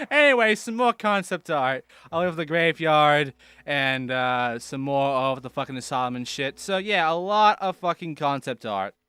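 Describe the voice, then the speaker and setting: Let's play host, man, bright crisp voice, swears casually. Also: medium pitch. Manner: offhand and profane. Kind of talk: casual gameplay commentary.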